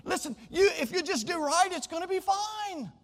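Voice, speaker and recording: Pleading fatherly male God, put on by a male preacher, raised high voice, coaxing, reverberant hall. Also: animated, normal speed, fairly bright tone.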